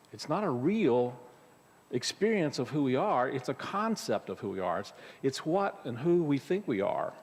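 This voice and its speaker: A man's voice: mid-range voice, vocal fry. A man giving a conversational spiritual talk to a congregation as their minister, often restarting his sentences and using fillers. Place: church sanctuary. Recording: long hall reverb.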